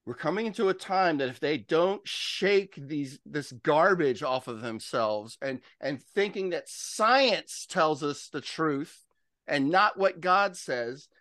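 A man's voice: on the high side, lively intonation, slow pace, fairly bright tone, dry recording, clean studio sound. A man preaching in conversation, emphatic and exhorting, with frequent "listen" and "okay".

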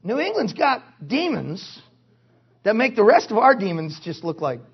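A male pastor preaching a sermon at a conference, forceful and punctuated with joking asides. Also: sits high, big pitch swings, moderate pace, gravelly, slightly rough, lo-fi sound. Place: conference hall.

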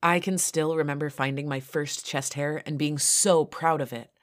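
A woman author narrating her own first-person story in a steady, low-key reading. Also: moderate pace.

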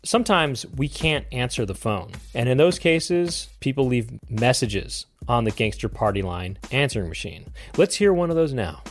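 A man's voice: medium pitch, sing-song, normal speed, hardly any pauses, a little hiss or hum. A man hosting a comedy show, chatting enthusiastically and introducing segments. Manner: enthusiastic, chatty, laughs often. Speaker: host. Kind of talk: casual comedy podcast banter.

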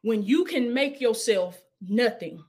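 Woman preacher with a high voice, casual sermon delivery that swings between urging and soft prayer. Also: animated, slow pace. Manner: preaching with call-and-response, dropping to hushed prayer.

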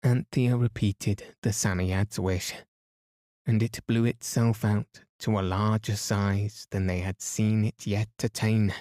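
A man's voice: fairly low pitch, slow pace, dry recording, clean studio sound. A man reading a storybook aloud as a soothing bedtime narrator. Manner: soft, soothing, even.

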